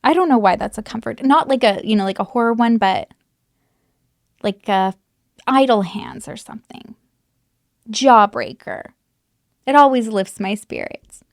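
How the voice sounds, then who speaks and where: A woman's voice: on the high side, vocal fry, no echo, clean studio sound. A woman giving casual true crime commentary to camera, candid and swearing freely, with lots of likes and you knows, while recovering from an illness.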